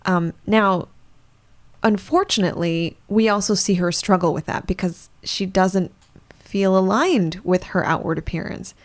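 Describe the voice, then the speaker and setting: A woman with a mid-range voice and measured pace co-hosts a podcast as its psychologist. In the discussion, she explains psychology thoughtfully, using some fillers.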